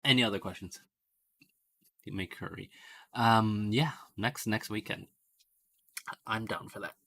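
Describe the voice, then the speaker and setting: Creaky-voiced sleep-deprived male streamer. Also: lowish voice, unhurried, sharp tone. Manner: rambling, mock-professorial, laughs often. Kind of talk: casual live-stream game commentary.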